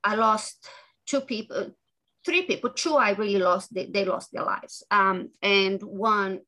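Bright-voiced earnest woman author. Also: mid-range voice, rough recording. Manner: earnest, halting, with many restarts. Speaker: author and guest. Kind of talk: podcast interview conversation.

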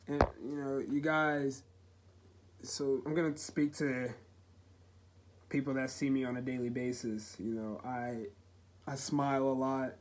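A man's voice: medium pitch, little pitch movement, a little hiss or hum. Earnest young man on a confessional podcast. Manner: earnest, halting, emotional, heartfelt. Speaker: podcast host. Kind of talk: solo confessional podcast talk.

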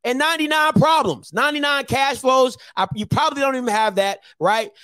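A man's voice: very high voice, a little fast, pushed and bright, clear, resonant tone, no echo. A man hosting a call-in show, talking bluntly and confrontationally and repeating his phrases. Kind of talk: heated call-in commentary.

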